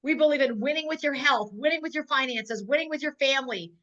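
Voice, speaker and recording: A woman's voice: high-pitched, fast, sharp tone, lo-fi sound. A woman from North Dakota hosting a sales call, speaking in a fervent, repetitive rallying way while close to tears. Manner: emotional, on the verge of tears. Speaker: host of a sales webinar. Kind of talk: emotional motivational pitch.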